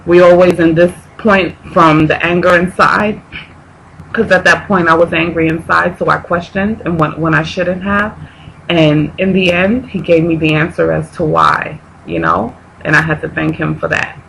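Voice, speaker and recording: A grieving woman vlogger talking haltingly to her camera, close to tears, often stopping and restarting. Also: on the low side, steady tone, vocal fry, a bit bright, a little hiss or hum, poor audio. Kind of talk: emotional personal vlog.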